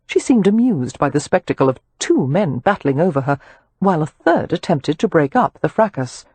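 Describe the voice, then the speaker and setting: Woman reading an audiobook, husky voice, lively ups and downs, very dry close sound. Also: low-pitched, moderate pace, no echo. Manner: expressive, lively storytelling. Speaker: audiobook narrator. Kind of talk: scripted audiobook narration.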